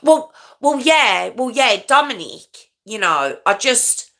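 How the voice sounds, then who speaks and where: A woman voicing a flustered middle-aged mother who rushes and stammers through her excuses. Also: on the high side, sing-song, a bit bright, pitched above the performer's own voice, full character voice. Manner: rushed, stammering, repeating herself.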